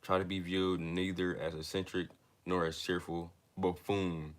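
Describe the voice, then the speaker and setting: A man's voice: sits low, little pitch movement. A young man reading a self-help book aloud, stumbling over words, with casual asides to his listeners. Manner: reads haltingly, stumbling and restarting words. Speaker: book reader and commentator.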